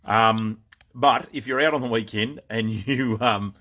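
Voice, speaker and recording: A man's voice: on the low side, unhurried, a bit bright. An Australian man hosting a casual live stream from his gun shop, rambling and greeting viewers by name, tired after a long day. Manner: laid-back, rambling, greets viewers by name with lots of fillers. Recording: noisy background.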